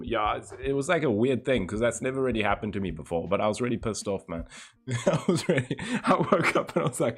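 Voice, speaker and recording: A man's voice: fairly low pitch, brisk. Chatty young male livestreamer. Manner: chatty, teasing, swears freely. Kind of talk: casual chat with live viewers.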